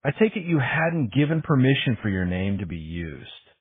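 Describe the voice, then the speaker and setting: A man voicing a cautious middle-aged private investigator who speaks in a measured, questioning way. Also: medium pitch, sing-song, husky, dry recording. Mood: probing. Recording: tinny phone-like sound.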